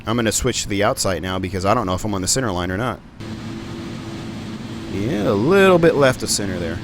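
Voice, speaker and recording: A man's voice: fairly low pitch, lively intonation, fairly quick, noisy background. A man giving live stream commentary on a flight simulator, rambling and thinking aloud with plenty of ums and uhs.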